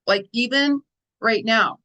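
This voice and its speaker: A middle-aged woman hosts an astrology and tarot show in a casual spiritual monologue, her voice high, slow, bright and forceful over a rough recording. She's chatty and a little tired from lost sleep, repeating phrases and often saying "you know" and "right?".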